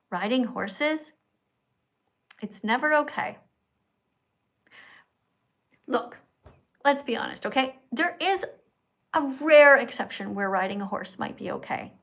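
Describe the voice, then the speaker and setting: A high-voiced woman hosts a live stream, talking straight to her viewers. She lectures, scolds and mocks in a preachy, heated rant. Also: fairly bright tone. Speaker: livestream host. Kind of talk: ranting livestream chat.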